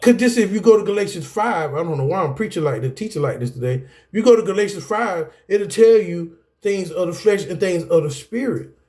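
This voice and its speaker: A man's voice: sits high, lively intonation, brisk, hardly any pauses, a little mellow. A man giving a self-help lesson to camera in a preacher-like cadence, often laughing and breaking off mid-sentence. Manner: preacher-like cadence, addresses viewers as y'all. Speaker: self-help video teacher. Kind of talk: preachy talk to camera about anger.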